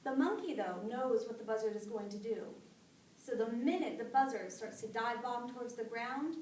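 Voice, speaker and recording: A young woman with a slightly high voice narrates a folk tale for a live audience at a moderate pace, chatty and animated with fillers. The recording comes from a distance in an echoey room, with slight background noise.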